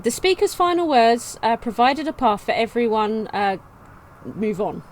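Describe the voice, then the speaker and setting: A woman's voice: fairly high pitch, a little slow. Chatty woman narrating her colony game. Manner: chatty, reads game text aloud, excitable outbursts. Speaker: let's play gamer. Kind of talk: casual gameplay commentary.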